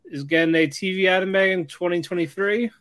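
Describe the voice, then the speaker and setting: A man's voice: high voice, a little fast, a bit bright. A man co-hosting a podcast, reading out news items and dryly shutting down his partner's jokes. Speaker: podcast co-host. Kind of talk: casual chat.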